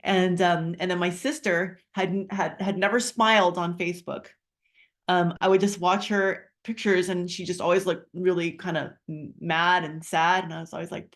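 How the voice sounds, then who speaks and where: A middle-aged woman, steady in tone and normal in speed, shares a heartfelt personal story while pitching a wellness business. She's chatty, with lots of fillers and restarts.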